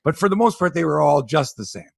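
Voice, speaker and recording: A middle-aged man hosts a sports podcast with a gravelly, husky voice that swings widely in pitch. He talks in an animated, sarcastic way and slides into rants. The sound is dry and close. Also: quick pace, no echo. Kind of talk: casual sports podcast chat.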